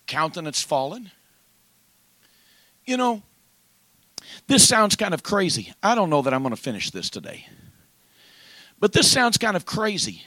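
A man's voice: high-pitched, pushed and bright, husky, no echo. A man preaching a sermon in an emphatic, rhythmic delivery that builds into a chanted cadence.

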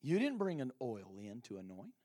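A preacher voicing a calm, reproachful Jesus. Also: male voice, mid-range voice, normal speed, no room sound, clean studio sound, voice pushed down. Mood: gentle rebuke. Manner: quiet, patient, rebuking. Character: calm, gently reproachful Jesus, adult male.

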